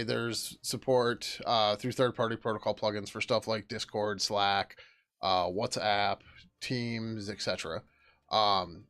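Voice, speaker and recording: A man's voice: medium pitch, fairly bright tone. A middle-aged man hosting a casual coding livestream, rambling and swearing now and then as he works at his desk. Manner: rambling, casual, swears, hums to himself while working. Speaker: livestream host and software developer.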